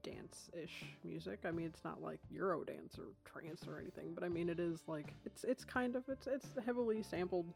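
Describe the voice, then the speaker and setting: A woman's voice: fairly low pitch, normal speed, gravelly, few pauses, over music. A woman co-hosting a podcast, chatting about songs in a self-deprecating way, swearing casually. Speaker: podcast co-host. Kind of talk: casual chat about music.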